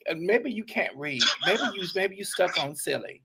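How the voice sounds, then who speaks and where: A man's voice: sits high, lively intonation, moderate pace, creaky, a bit bright, husky. A man hosting a casual chat, sassy and teasing, talking animatedly with lots of back-and-forth. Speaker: host.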